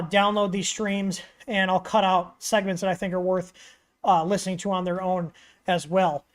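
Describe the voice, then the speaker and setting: A man hosting a casual livestream Q&A, rambling with lots of fillers and blunt opinions. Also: sits high. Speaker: livestream host answering 3D printing questions.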